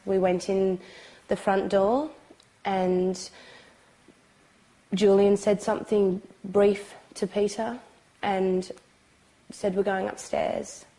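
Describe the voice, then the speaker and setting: Tearful woman giving slow testimony. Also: medium pitch, flat delivery, dark tone, rough recording. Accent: British. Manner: halting, pausing, hesitant with many ums. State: crying, sobbing. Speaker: abuse survivor recounting her experience. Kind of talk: documentary testimony.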